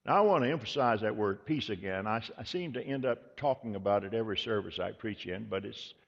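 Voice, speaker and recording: A man preaching a sermon as pastor, earnest and measured, repeating key words for emphasis. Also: fairly low pitch, lively intonation, gravelly. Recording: dull lo-fi sound with long hall reverb.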